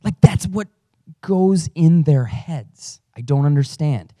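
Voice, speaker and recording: A man's voice: on the high side, takes it slowly, mellow, dry recording, studio quality. A man who is a father, a pastor giving a conversational sermon with storytelling and self-deprecating humor. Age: adult father.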